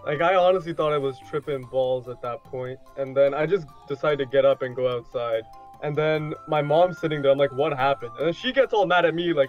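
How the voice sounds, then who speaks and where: A young man tells a story in a casual chat, animated and swearing as he acts out what people said. His voice sits a bit high, and the audio is dull and lo-fi with faint music behind. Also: fairly quick.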